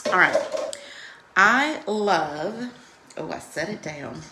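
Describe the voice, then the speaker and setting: A woman's voice: lowish voice, expressive, slow, background noise. A woman hosting a live makeup tutorial, chatting and greeting viewers by name while coaching them through each step in a reassuring way.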